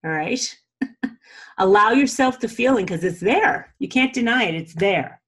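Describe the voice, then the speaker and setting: A woman's voice: fairly high pitch, animated, a little slow, a bit bright, breathy edge. A woman teaching a self-help practice in a casual, chatty way, often checking in with "okay?" and speaking candidly and encouragingly about her own struggles.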